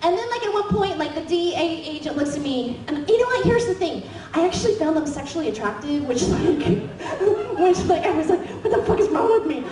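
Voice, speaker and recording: Giggly high-voiced woman telling comic tales. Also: a little fast, hardly any pauses, background noise. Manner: animated, giggly, filler-heavy with sound effects. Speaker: comedian guest. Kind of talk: comic storytelling. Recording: roomy far-off mic with crowd.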